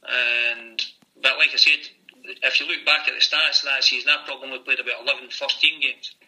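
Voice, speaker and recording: A man's voice: mid-range voice, fairly even intonation, a little fast, sharp tone, rough recording. A middle-aged Scottish man, a former footballer, telling long stories in an interview, often repeating "he says" and "I says". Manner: rambling anecdotes with repeated "I says". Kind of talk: storytelling interview.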